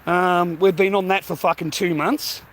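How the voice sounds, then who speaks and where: Out on the street with a heavy bag that leaves him winded, a middle-aged Australian vlogger chats casually, swears, and addresses viewers as mate and bro. His voice sits high with a fairly bright tone, holding steady at a moderate pace. Faint traffic hums in the outdoor recording.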